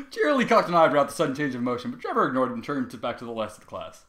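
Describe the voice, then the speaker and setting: A man reading a fan fiction story aloud with expressive, dramatic delivery. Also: mid-range voice, rapid-fire, hardly any pauses, echoey room.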